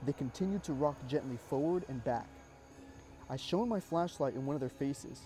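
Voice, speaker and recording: A man tells a spooky war story in the first person, measured and suspenseful. His voice is dark and mellow at a middle pitch, and soft music plays underneath. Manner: measured, suspenseful, with casual asides. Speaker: horror story narrator.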